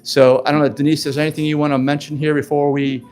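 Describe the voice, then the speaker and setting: A man's voice: on the high side, level tone, quick pace, darkish tone, faint music behind. Upbeat, chatty man in his fifties. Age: 50s. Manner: upbeat, chatty, loose and rambling. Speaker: event host. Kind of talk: live event presentation.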